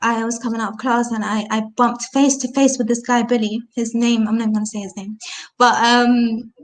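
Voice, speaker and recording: Woman, British accent, interview guest, slightly high voice, hesitant, lots of restarts. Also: moderate pace. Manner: hesitant, many restarts and "you know", animated when quoting others. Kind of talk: personal story in interview.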